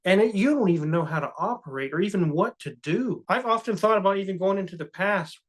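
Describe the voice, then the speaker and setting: A man's voice: sits high, lively intonation, quick pace. A man co-hosting a podcast, talking in an earnest, cautious, reflective way in casual chat. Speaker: co-host.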